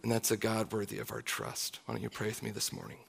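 A man's voice: on the low side, big pitch swings, fast talker, vocal fry, slightly rough. A man in his thirties, a pastor preaching a sermon in an earnest, confessional way. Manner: earnest, confessional, closing in soft prayer.

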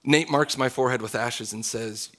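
A man's voice: mid-range voice, moderate pace. A man in his thirties, a pastor preaching a sermon in an earnest, confessional way. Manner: earnest, confessional, closing in soft prayer.

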